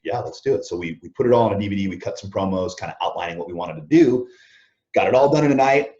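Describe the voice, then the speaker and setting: A man's voice: sits low, fast. A man being interviewed as a guest, telling backstage stories in a casual way, acting out what others said and chuckling often. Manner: animated anecdotes, acts out quoted lines, chuckles often. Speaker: interview guest, former wrestler. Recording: dull lo-fi audio.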